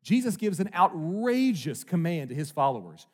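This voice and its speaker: A man preaching a sermon in a conversational way, with quick restarts, swinging from hushed to loud for emphasis. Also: fairly high pitch, big pitch swings, big-room sound. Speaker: pastor.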